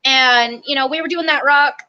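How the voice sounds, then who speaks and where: High, bright-voiced young woman. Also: muffled recording. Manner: animated, quick storytelling with acted-out quotes. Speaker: interview guest, army basic training graduate. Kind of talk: casual interview storytelling.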